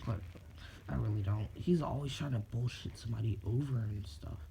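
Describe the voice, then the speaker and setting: A man's voice: medium pitch, a little fast, gravelly. A man casually telling an improvised fan story, rambling and swearing. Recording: dull lo-fi recording with faint noise.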